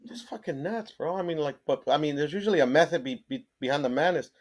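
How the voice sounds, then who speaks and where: Slightly high-voiced man in laid-back chat. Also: fast, a crowd in the background. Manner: laid-back, swears often, says "bro". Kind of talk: casual chat.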